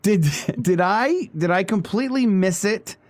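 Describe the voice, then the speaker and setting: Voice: medium pitch, animated, a little slow. A person in a casual chat, joking and laughing.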